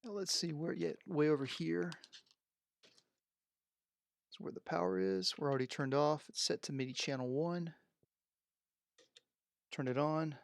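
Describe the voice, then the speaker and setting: Man, gravelly, mid-pitched, rambling unscripted stream talk into a headset mic, dry close sound. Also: unhurried, pauses often, dry recording. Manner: rambling, thinking aloud while handling gear. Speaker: streamer unboxing music gear. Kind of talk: unscripted live stream chat. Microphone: headset microphone.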